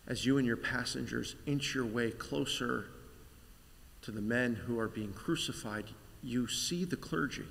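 Male pastor, guided meditation, very slow and hushed, church reverb. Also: mid-range voice, vocal fry. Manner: slow, vivid second-person storytelling, sinking to whispers. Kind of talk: guided Good Friday meditation. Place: church sanctuary.

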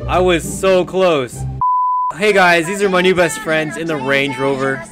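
Young male gamer, slightly high voice, loud and excitable, ranting and joking over game music. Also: takes it slowly. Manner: excitable, jokey, yelling at other players. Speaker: gaming video creator. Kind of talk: casual gameplay commentary.

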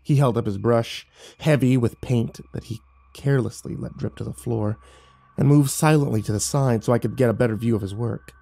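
A man's voice: medium pitch, brisk, gravelly, warm tone, no echo. A man reading horror stories aloud, building tension and turning urgent in the action scenes. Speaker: horror story narrator. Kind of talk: dramatic horror story narration.

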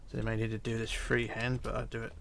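Here a tired man with a gravelly, medium-pitched voice hosts a casual game tutorial, talking fast and yawning now and then. He's relaxed, mutters block counts under his breath, and drops almost to a whisper; there's a little background noise.

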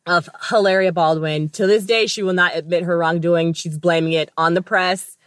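A woman co-hosting a podcast in casual chat, telling stories and tossing out quick, laughing asides. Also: on the low side, steady tone, no echo, clean studio sound. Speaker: podcast co-host.

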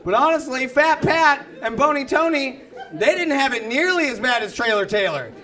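A young man doing a stand-up comedy set, telling self-mocking stories and shouting out punchlines. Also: very high-pitched, expressive, normal speed. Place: comedy club with a live audience. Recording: live club recording with crowd. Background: audience laughter.

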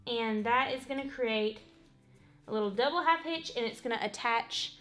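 A woman's voice: on the high side, moderate pace, fairly bright tone, soft background music. A woman giving a casual, rambling craft tutorial at home, saying "y'all" and "literally" a lot. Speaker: craft vlogger. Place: home, working on a wall hanging.

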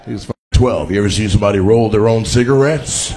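A man's voice: fairly low pitch, fast talker, background noise. A male stand-up comedian doing profane crowd work, roasting audience members with brash teasing. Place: comedy venue with a live audience. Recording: live audience laughter and cheering.

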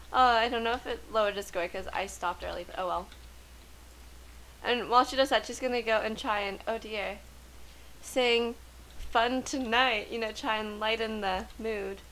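A woman giving chatty, excitable commentary while playing a life-simulation game. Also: a little high, normal speed, pauses often, slight background noise, low-quality recording. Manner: chatty, excitable, gasps and laughs often. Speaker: let's play gamer. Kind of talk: casual gameplay commentary.

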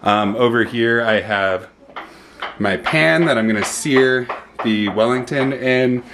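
A man's voice: mid-range voice, takes it slowly. A man explaining a home cooking recipe step by step in an easygoing, casual way, in a home kitchen. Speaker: home cook co-host. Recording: home kitchen with pan and dish noise.

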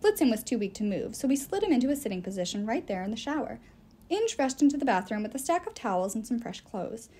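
A woman reading a novel aloud as the first-person narrator, in an expressive storytelling way. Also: a little high, quick pace, slightly rough. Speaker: audiobook reader.

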